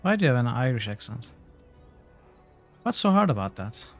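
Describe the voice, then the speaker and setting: Guy on a game stream reading quest text out loud, mid pitch, dry little asides. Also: sing-song, normal speed, faint music behind. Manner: wry, offhand remarks between read passages. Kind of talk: reading game text aloud while playing.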